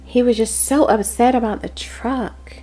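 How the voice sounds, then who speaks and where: A woman hosting a devotional prophetic message, speaking earnestly and dropping into soft, whispered prayer. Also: fairly high pitch, fairly even intonation, a little slow, soft background music. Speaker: host and prophetic teacher.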